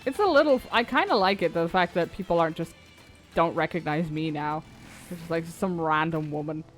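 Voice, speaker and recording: A woman's voice: sits low, moderate pace, soft background music. A woman streaming a game, chatting casually and swearing freely between reading lines aloud.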